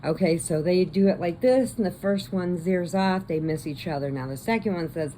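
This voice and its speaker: A woman casually retelling a movie plot, chatty, slipping into quick voices for the characters. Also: fairly low pitch, mellow, slight background noise. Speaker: crochet vlogger.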